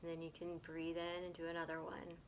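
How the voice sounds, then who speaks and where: A woman teaching a gentle breathwork lesson, often pausing to check in with "okay?" and repeating words as she explains. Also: lowish voice, monotone, slight background noise.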